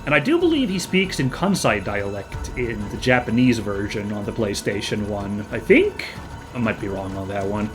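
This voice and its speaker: A man hosting a let's play, chatting casually and reacting out loud to the action as he plays. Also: lowish voice, moderate pace, music in the background. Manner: chatty, excitable, reacts aloud to gameplay. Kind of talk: casual gameplay commentary.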